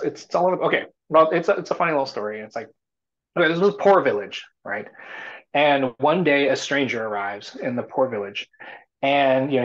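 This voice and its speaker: A man talking as a startup CEO guest in a casual live talk, rambling and full of fillers and restarts. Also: medium pitch. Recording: muffled lo-fi audio.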